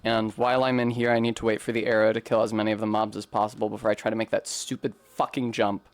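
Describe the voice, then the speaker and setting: A man hosting a gaming stream, excitable and swearing, talking over his play with quick jokey asides. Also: on the low side. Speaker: streamer host. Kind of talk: casual gaming stream chat.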